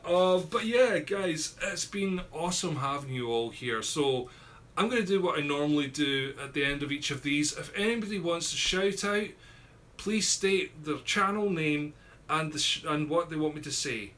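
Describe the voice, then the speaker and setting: Chatty Scottish man, bright voice. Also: on the high side, moderate pace. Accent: Scottish, southwest coast near Glasgow. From Scotland. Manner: chatty, many fillers and repeated words, reads viewers' comments aloud. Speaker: YouTuber hosting a live chat. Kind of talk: casual live-stream chat reading comments.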